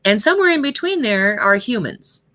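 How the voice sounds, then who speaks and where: A woman's voice: a little high, very animated, moderate pace, bright, forceful tone. A woman giving a conversational spiritual teaching talk on prayer, often checking in with her listeners. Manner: conversational, checks in with "right?" and "okay?".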